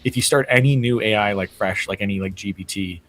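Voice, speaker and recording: Low-ish male podcast co-host, easygoing, rambling with lots of "like" fillers. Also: fairly quick, fairly bright tone. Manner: easygoing, heavy use of "like" fillers. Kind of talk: casual chat.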